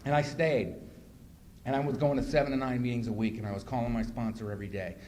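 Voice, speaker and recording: A man's voice: mid-range voice, fast talker. A man giving a personal testimony talk as guest speaker at a recovery meeting, acting out scenes with self-mocking humor. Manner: animated self-mocking storyteller who acts out scenes. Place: meeting room. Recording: noisy live room recording.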